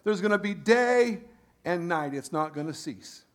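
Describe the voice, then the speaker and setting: Animated high-voiced male preacher. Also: a little slow. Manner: animated, swings from loud emphasis to quiet asides, frequent restarts. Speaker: pastor. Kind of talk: sermon.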